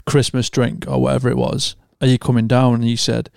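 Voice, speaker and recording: Gravelly, chatty young man. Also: mid-range voice, brisk, dry recording, clean studio sound. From England. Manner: animated storyteller, slangy and swearing. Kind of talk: casual chat.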